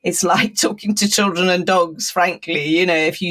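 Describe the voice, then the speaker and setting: A woman's voice: on the low side, fairly even intonation, moderate pace, hardly any pauses. Woman guest explaining conflict thoughtfully. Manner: thoughtful, explanatory, often laughing. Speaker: podcast guest, communication expert. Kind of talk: conversational podcast interview.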